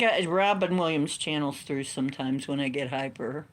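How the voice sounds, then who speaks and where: A woman's voice: low voice, moderate pace. A woman hosting a card-reading live stream, chatting in a playful, joking way. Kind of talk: casual chat on a live stream.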